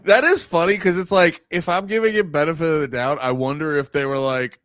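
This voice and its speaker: A male podcast co-host asks quick, curious questions in a relaxed manner. His voice sits a little high for a man, and the sound is dry and close, with no room around it. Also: no room sound. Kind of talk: casual podcast chat.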